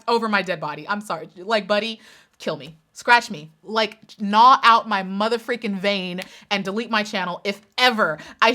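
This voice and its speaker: Young woman YouTuber, bright and a touch high, sassy, blunt, exasperated rant. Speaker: YouTube commentator. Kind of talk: casual commentary rant.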